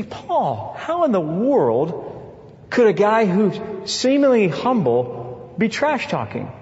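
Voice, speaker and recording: Guy preaching, voice jumps all over, pretty high, playful jokes, dull sound with long hall reverb. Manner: animated, playful asides. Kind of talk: sermon.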